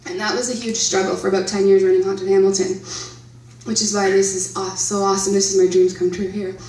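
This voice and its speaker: In a convention centre hall, a woman in her thirties from Canada speaks on a horror convention panel, telling a chatty story, often laughing and asking the audience questions. Her mid-range voice is a little mellow, with slight background noise. The recording has the roomy, far-off quality of live hall audio.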